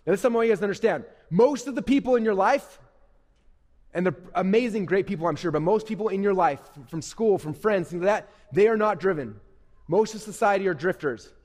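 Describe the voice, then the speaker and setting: Man, motivational speaker, fast, echoey hall, energetic and repetitive. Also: high-pitched. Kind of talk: live motivational talk to youth. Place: stage at a live event.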